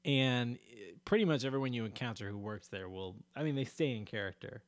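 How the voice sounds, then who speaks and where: A man's voice: medium pitch, brisk, dry recording. A man chatting casually as a podcast co-host, telling a story in a rambling way with many fillers and restarts, laughing often.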